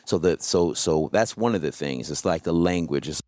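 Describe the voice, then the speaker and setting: A man guesting on an interview, telling stories in a relaxed way and often asking "you know what I mean". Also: low voice, moderate pace, dry recording. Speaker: guest, coach. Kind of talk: casual interview storytelling.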